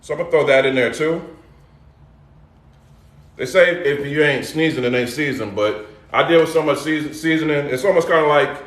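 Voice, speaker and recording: A man's voice: on the high side, moderate pace, pauses often, roomy sound. A middle-aged man hosting a casual live cooking demo, loose and chatty, calling out to his viewers. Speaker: cooking show host. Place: home kitchen.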